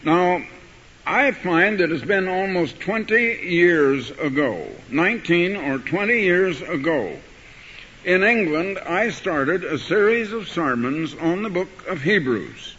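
A man preaching a sermon, telling a story and reading scripture, building to forceful emphasis on key words. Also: high-pitched, lively intonation, slow, slight background noise. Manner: rising to forceful emphasis when quoting scripture. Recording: dull archival recording in a hall.

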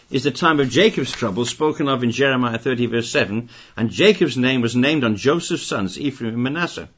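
An older man delivers a sermon at a middle pitch, his voice husky and a little rough. He hammers home each point, repeating phrases and pushing his volume up as he goes. The recording is dull and lo-fi. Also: fairly bright tone. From Britain. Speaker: preacher.

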